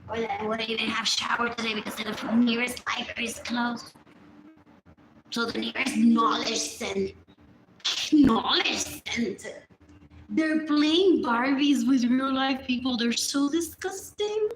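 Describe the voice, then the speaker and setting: A woman's voice: a little high, measured pace. A woman talking alone on a phone livestream in a rambling way, repeating phrases and sometimes dropping to a whisper. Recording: echoey room with clear background noise.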